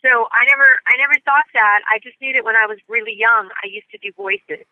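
A woman's voice: fairly high pitch, fast talker, no echo, phone-quality sound. A woman who grew up in the United States, a voice actress chatting upbeat and bubbly in an interview. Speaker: voice actress guest. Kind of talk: casual interview chat.

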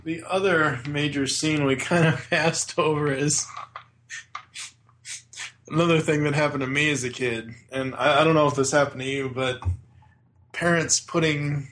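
Male co-host, 30s, unhurried, slightly high voice, faint background noise. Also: fairly even intonation, fairly bright tone. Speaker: podcast co-host. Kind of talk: casual chat.

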